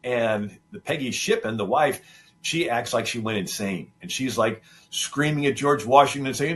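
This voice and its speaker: Here the male talk show host speaks in a mid-range voice at normal speed. Recounting a bit of history, he wanders loosely with many fillers and restarts, and animatedly voices the people in the story.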